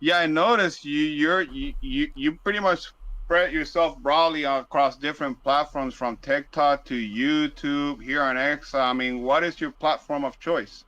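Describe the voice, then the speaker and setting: Bright, crisp Spanish-accented male host. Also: on the high side, steady tone, a little slow, no echo, lo-fi sound. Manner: friendly, reads a formal guest introduction. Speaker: podcast host. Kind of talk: casual audio-space interview.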